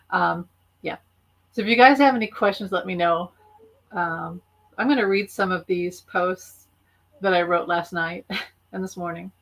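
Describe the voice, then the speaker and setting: A woman with a slightly lower voice speaks to her viewers in a loose, unscripted live-stream monologue. She rambles, restarts her sentences and often breaks into laughter. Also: a bit bright. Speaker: YouTuber and author.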